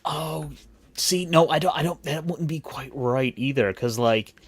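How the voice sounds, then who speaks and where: A man's voice: on the high side, measured pace, husky, no room sound. Rambling man hosting a podcast. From grew up in Cleveland and Puerto Rico. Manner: rambling, self-interrupting, jokey. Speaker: podcast host. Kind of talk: casual chat.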